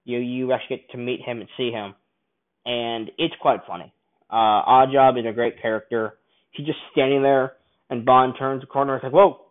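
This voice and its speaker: A man's voice: medium pitch, steady tone, brisk. A man casually reviewing a film, rambling and enthusiastic, often restarting his sentences. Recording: tinny phone-like sound.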